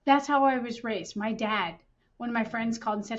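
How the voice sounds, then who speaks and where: Emphatic higher-voiced woman, dull audio. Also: fairly even intonation, fairly quick. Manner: emphatic, indignant storytelling. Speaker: podcast co-host. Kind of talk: casual chat. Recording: dull lo-fi sound.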